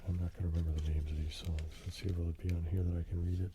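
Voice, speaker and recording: An older man hosting a soft-spoken ASMR show and tell, slipping into whispers and rambling with tag questions. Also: deep voice, noisy background. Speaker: ASMR host.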